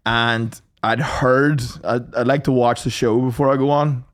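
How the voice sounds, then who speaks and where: A young man, chatting and telling sweary, animated stories as a podcast co-host. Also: medium pitch, unhurried. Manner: animated, sweary, acts out voices. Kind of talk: casual storytelling chat.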